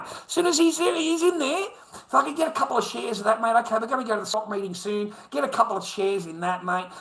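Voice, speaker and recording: A man's voice: sits high, a bit bright, echoey room. An Australian man in a crude, profane, rambling livestream rant, swearing constantly.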